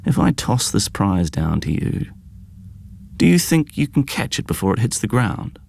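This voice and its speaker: A man's voice: lowish voice, sing-song, normal speed, vocal fry, darkish tone, no echo, voice pushed up, heavily acted. A man reading aloud and voicing a brash, teasing young man with a mocking, theatrical manner. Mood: taunting.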